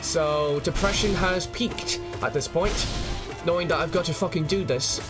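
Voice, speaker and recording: Breathless streamer, swearing and excitable. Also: male voice, fairly high pitch, normal speed, over loud music. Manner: swearing, excitable, yells in triumph. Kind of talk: live gameplay commentary.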